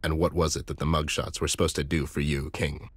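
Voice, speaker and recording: Gruff deadpan teddy bear detective, super low and husky. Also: male voice, fairly quick, no room sound. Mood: deadpan noir. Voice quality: deep gravelly voice. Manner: dry, deadpan wisecracks. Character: hard-boiled male teddy bear detective, dry and wisecracking. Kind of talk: noir game voice acting.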